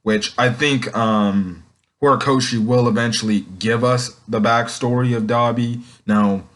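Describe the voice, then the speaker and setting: A man talks through a comic chapter off the cuff, circling back on his sentences and padding them with fillers. His voice sits at an ordinary middle pitch for a man, with nothing forced about it. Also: fairly even intonation, a little slow, a bit bright. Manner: rambling, leans on "um" and "essentially". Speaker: manga chapter reviewer. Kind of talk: casual unscripted recap.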